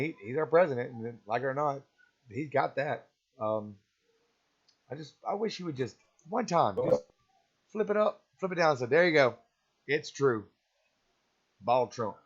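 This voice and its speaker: A man's voice: mid-range voice, husky. A man hosting a casual live-stream chat, rambling and opinionated, often chuckling. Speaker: stream host. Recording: slightly dull, lo-fi stream audio.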